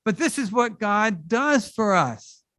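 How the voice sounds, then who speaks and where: Middle-aged male pastor, high-pitched and conversational, animated sermon delivery, dry recording. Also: slow, dry recording. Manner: conversational and animated, with casual asides. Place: church service.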